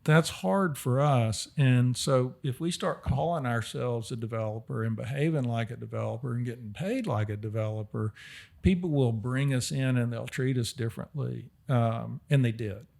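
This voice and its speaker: A middle-aged man, a guest on a podcast, telling stories in a casual, animated way. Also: mid-range voice, moderate pace, creaky. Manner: animated, chuckling storyteller. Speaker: podcast guest, architect and developer. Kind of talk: casual anecdotal storytelling.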